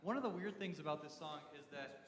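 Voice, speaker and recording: A man's voice: on the high side, animated, quick pace, a crowd in the background. A man leading his church worship band through rehearsal, talking casually and joking while he hums parts of the melody. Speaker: worship leader. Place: church sanctuary. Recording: roomy hall with loud live music.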